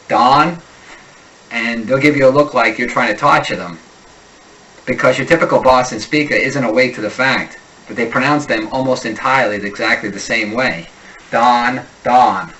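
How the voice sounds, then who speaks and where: A man teaching an accent lesson, slowly and deliberately drilling sample words. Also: mid-range voice, sharp tone, distant mic, a little hiss or hum, low-quality recording. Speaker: accent coach.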